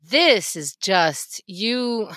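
A woman co-hosting a casual chat show, talking bluntly with quick, profane asides. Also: medium pitch, very animated, fairly bright tone, dry recording. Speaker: podcast co-host.

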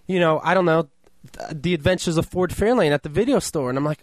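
A man's voice: fairly high pitch, fast talker, no echo. A man co-hosting a casual podcast, chiming in with wry, sarcastic asides. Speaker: co-host.

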